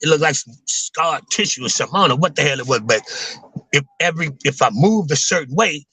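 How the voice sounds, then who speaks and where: A man's voice: on the high side, expressive, fast, sharp tone, husky, dry recording, rough recording. Laid-back man rambling in casual slang. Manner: rambling, laid-back slang with frequent "man" and "you know what I'm saying". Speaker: vlogger talking to viewers. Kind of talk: casual livestream chat.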